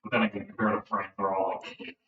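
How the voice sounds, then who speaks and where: A man's voice: on the low side, flat delivery, fast talker, a bit bright. A male student telling a rambling story in class, often restarting his sentences. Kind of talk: casual classroom chat. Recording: distant, echoey, dull, slight hiss.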